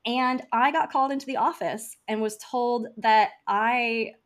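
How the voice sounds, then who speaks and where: A woman guest on a podcast, telling stories in a chatty, animated way with frequent "like" fillers. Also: fairly high pitch, a little slow. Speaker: podcast guest, funeral home founder. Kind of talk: casual interview storytelling.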